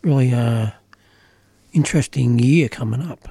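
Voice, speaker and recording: Australian man, middle-aged, gravelly, dry close recording, emphatic conversational delivery. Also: mid-range voice, a little slow, mellow, no echo. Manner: earnest, emphatic, many "you know" fillers. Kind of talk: casual political conversation.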